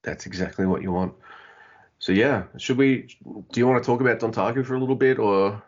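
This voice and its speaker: A man with a fairly low voice talks through wrestling matches in a relaxed, easygoing way, laughing along. The sound is dull and lo-fi, like a home podcast recording. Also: fairly quick. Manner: easygoing, laughs often, reads through lists. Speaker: podcast co-host. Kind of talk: casual wrestling chat.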